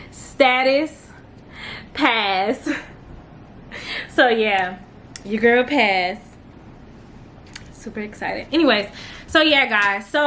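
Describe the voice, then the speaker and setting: Chatty young woman, bright voice. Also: high-pitched, slight background noise. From Texas. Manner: chatty, emotional, addresses viewers as y'all. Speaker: vlogger, newly licensed nurse. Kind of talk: casual chat to camera.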